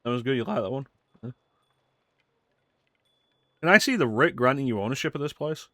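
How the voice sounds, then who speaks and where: A man's voice: mid-range voice, lively intonation, brisk, a bit bright, no room sound. Crude, joking streamer man. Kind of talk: casual gaming commentary.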